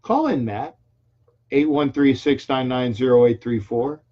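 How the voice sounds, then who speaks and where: A man's voice: medium pitch, a little slow, warm tone. An older man hosting a casual call-in sports talk show, chatty and rambling, often restarting his sentences. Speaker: radio call-in show host. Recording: dull lo-fi stream audio.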